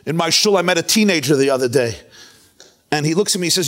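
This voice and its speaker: A middle-aged man, a rabbi, giving a sermon full of stories and acting out the quotes with big swings in his voice. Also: fast talker. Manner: expressive storyteller, acts out quotes with big pitch swings. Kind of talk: sermon with storytelling.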